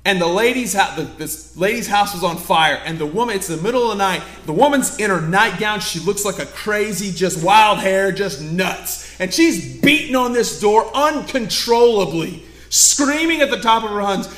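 A man's voice: high-pitched, expressive, normal speed, hardly any pauses, fairly bright tone, reverberant. A man preaching a sermon, telling stories animatedly and acting out the scenes. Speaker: pastor. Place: church sanctuary.

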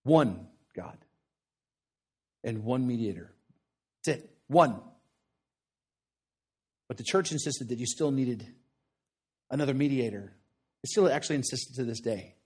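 A man's voice: mid-range voice, normal speed, long pauses, breathy edge. A man preaching a sermon in a conversational, earnest way, often checking in with "right?" and repeating short phrases for emphasis.

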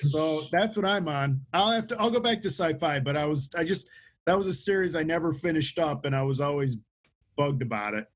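A man's voice: a little high, lively intonation, brisk. A man chatting casually on a podcast, rambling with restarts and fillers as he describes a book. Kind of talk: casual chat.

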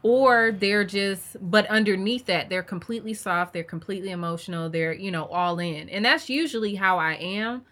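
A young woman chatting openly as a podcast co-host, her voice clear and bright. She talks frankly and swears without a second thought, with plenty of fillers and restarts. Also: mid-range voice, normal speed, hardly any pauses. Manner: candid, swears freely, lots of fillers. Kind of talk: casual chat.

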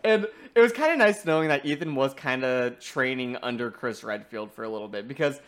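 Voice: mid-range voice, animated, fairly quick, a bit bright. A podcast co-host recapping a video game story in a casual, enthusiastic review chat, with many fillers.

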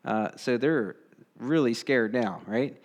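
A man's voice: mid-range voice, slow, highs cut off. A male pastor preaching a sermon in a conversational way, asking the congregation rhetorical questions and acting out quoted voices with bursts of energy.

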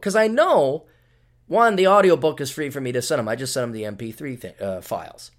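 A man's voice: on the high side, lively intonation, brisk. A man from the United States hosting his own podcast in a rambling, sarcastic, mock-ranting monologue. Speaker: podcast host.

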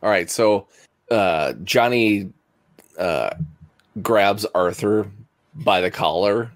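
A man playing a tabletop game, describing his character's actions in a hesitant, halting way. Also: fairly low pitch, no echo, studio quality. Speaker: player. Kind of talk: casual tabletop play.

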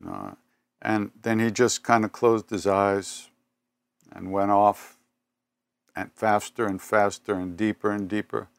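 An older man giving a spiritual talk, telling personal stories in an unhurried, reflective way with pauses and self-corrections. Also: on the low side, expressive, vocal fry, clean tone, no echo. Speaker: spiritual teacher.

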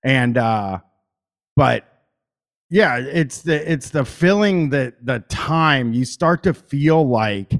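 A man's voice: mid-range voice, animated, slow. A man podcaster talking as a guest in casual chat, rambling, swearing freely and using many fillers.

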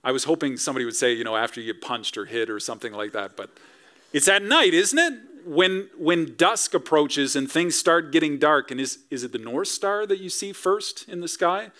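Conversational pastor preaching a sermon. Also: male voice, fairly high pitch, lively intonation, normal speed, bright, forceful tone. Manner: conversational, asks the congregation rhetorical questions. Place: church sanctuary.

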